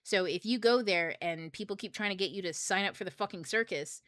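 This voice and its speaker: A woman's voice: mid-range voice, fairly quick, a bit bright, dry recording, clean studio sound. A young woman hosting a book club livestream, talking in a rambling, joking, profane way. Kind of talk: casual livestream talk.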